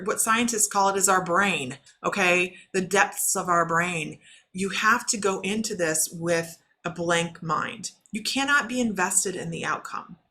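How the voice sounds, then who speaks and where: A middle-aged woman talks loosely and warmly to her livestream viewers as a shaman and intuitive reader. Her voice is bright and forward at an average pitch. She laughs often and calls out viewers by name as she goes. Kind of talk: casual livestream chat.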